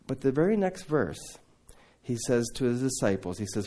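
A man preaching a sermon to a congregation, telling Bible stories in a lively way, acting out the dialogue and turning to his listeners with asides. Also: mid-range voice, brisk. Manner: animated storytelling, acting out biblical dialogue. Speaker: preacher raising funds for a mission training center.

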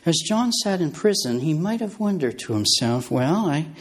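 A man preaching a sermon, speaking in a measured, emphatic way and posing rhetorical questions to his listeners. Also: a little high, very animated.

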